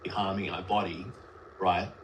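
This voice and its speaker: A man's voice: deep voice, flat delivery, measured pace, slight background noise, low-quality recording. A man speaking as a guest on a livestream, arguing earnestly and rambling with many filler words. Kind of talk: casual debate on a livestream.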